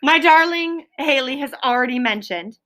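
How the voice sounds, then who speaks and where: A woman teaching a third grade class in a classroom, sounding out spelling words slowly and clearly. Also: high voice, expressive, pushed and bright, slight background noise. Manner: clear, drawn-out word sounding. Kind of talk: classroom phonics lesson.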